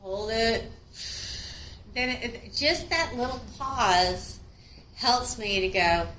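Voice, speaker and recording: Woman instructor, bright voice, chatty lecture, acts out quotes, echoey room, mic at a distance. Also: fairly high pitch, animated, takes it slowly, a little hiss or hum. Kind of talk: classroom lecture.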